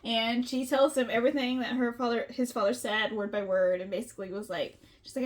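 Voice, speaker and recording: A woman's voice: fairly high pitch, steady tone, brisk, few pauses. A woman co-hosting a casual book chat, laughing a lot and bluntly swearing at the characters. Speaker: book podcast co-host.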